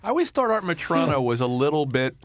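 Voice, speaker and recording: A man's voice: fairly high pitch, very animated, fast, a crowd in the background. A man co-hosting a podcast and prompting his guests with questions. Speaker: podcast co-host. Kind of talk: casual interview chat.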